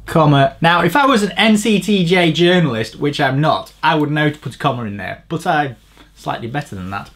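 A man reviewing a bike frame in a crude, rambling, sardonic way, swearing freely and shifting between mumbled asides and louder rants. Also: sing-song, normal speed. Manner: swearing, rambling, sardonic, pitch jumps up when ranting. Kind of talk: crude comedic tech review.

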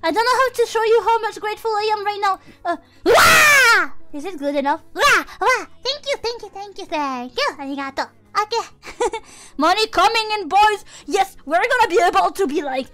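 A young woman chatting on a live stream, excitable and shrieky, thanking viewers and apologizing a lot. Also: very high-pitched. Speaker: VTuber streamer. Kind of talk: casual live-stream chat.

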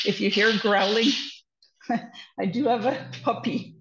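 A woman with a gravelly, fry-tinged voice gives conversational parenting advice, earnest and reassuring as she walks through her points. The sound is roomy and a little dull, like a video call in an echoey room. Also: medium pitch, fairly even intonation, slow pace, long pauses, fairly bright tone. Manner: earnest, reassuring, repeats "trust me". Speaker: parenting educator guest.

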